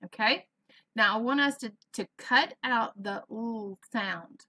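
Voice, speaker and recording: Bright-voiced teacher sounding out words slowly. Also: female voice, fairly high pitch. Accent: Southern US. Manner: slow, exaggerated sounding out of words for children. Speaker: first grade teacher. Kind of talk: virtual classroom lesson.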